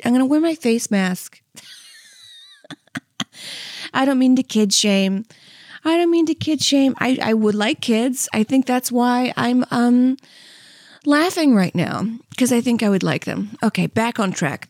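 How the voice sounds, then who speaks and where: A woman in her thirties chats on a close studio mic. Her voice sits a touch high, and the sound is dry and near. She wanders from one funny story to the next, laughing often and leaning on fillers like "um" and "like.". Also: no echo. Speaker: comedy podcast co-host. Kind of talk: casual rambling chat.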